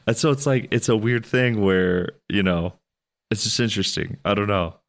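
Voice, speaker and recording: A man co-hosting a podcast, chatting casually about a movie, rambling and restarting with sudden animated jumps in pitch. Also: moderate pace. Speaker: podcast co-host. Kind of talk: casual movie review chat.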